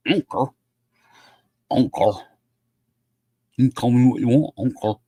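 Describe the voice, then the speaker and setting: Male livestream host, mellow, dry close sound, blunt and profane, loose rambling chat. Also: medium pitch, unhurried, pauses often, no echo.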